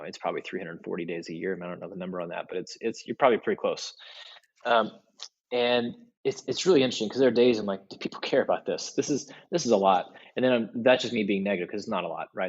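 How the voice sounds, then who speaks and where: Husky-voiced man telling coaching stories. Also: sits low, lo-fi sound. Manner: animated, acts out quoted voices in stories. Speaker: podcast guest, leadership speaker. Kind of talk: casual interview storytelling.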